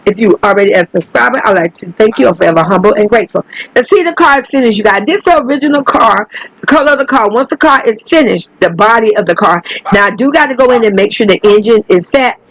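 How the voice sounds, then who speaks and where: A woman's voice: on the high side, animated, fast, dry recording, poor audio. Chatty woman narrating gameplay, dry sound. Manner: chatty, swears freely, keeps saying "you guys". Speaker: gaming channel host. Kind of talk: casual gameplay commentary.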